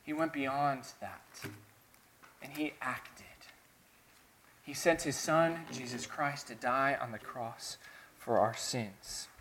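A Southern American man preaching a sermon in an even, mid-pitched voice. He talks earnestly, dropping to near-quiet reflection and then building to emphatic, rising declarations. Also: takes it slowly, pauses often, a little hiss or hum. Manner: earnest, dramatic swings between soft and emphatic. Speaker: pastor.

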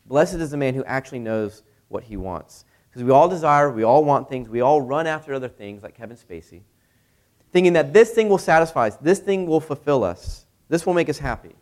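Male pastor, young adult, conversational sermon, rhetorical questions, mid-pitched voice. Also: animated, brisk, a little mellow.

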